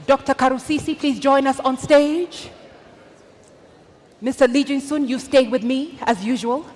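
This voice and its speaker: A woman emceeing a live awards ceremony on stage, hyping the crowd with energetic, shouted announcements. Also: sits high, a little slow. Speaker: event emcee. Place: stage of a large live event.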